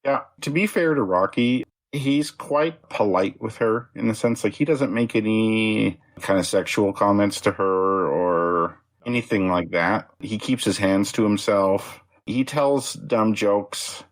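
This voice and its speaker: A man co-hosting a podcast, talking in a measured, thoughtful, slightly self-deprecating way. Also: on the low side, poor audio. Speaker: podcast co-host. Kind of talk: casual film discussion.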